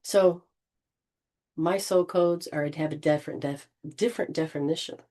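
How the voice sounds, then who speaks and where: Woman with a low, rambling healer's voice. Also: brisk, a little mellow. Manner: rambling, with frequent restarts and throat clearing. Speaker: spiritual healer leading a session. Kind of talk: informal guided healing session.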